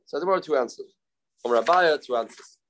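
A man's voice: fairly high pitch, lively intonation, fairly bright tone, rough recording. A man teaching a Talmud study class, explaining in English with Hebrew and Aramaic terms and acting out the speakers he quotes. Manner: halting, self-correcting delivery.

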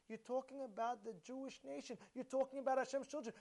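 Animated man giving an emphatic Torah talk. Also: very high voice, quick pace, creaky, few pauses. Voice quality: animated, emphatic, rhetorical questions, repeats himself. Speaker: rabbi teaching Torah.

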